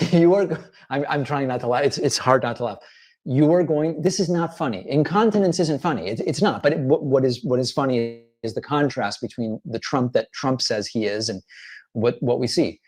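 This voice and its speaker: A man walks viewers through clips with analytical, deliberate commentary. His voice sits in an ordinary middle range and he sometimes slips into suppressed laughter. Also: medium pitch, darkish tone. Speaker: political commentator. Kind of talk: commentary over played clips.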